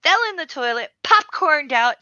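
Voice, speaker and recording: High bright-voiced woman, blunt crude storyteller, dry dull-sounding recording. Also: lively intonation, moderate pace, no echo. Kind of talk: casual chat.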